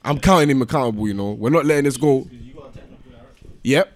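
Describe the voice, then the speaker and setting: A man's voice: medium pitch, a little fast. A young man, ranting in a heated casual football chat, exasperated and repeating himself. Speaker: football podcast co-host.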